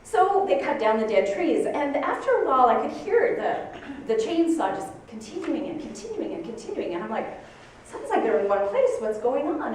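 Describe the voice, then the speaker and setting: A woman's voice: a little high, distant mic, slight background noise. Woman speaker in an echoey hall. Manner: animated storytelling, acting out her own shocked outbursts. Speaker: speaker giving a Sunday talk. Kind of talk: spiritual talk to a congregation. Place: church hall with audience.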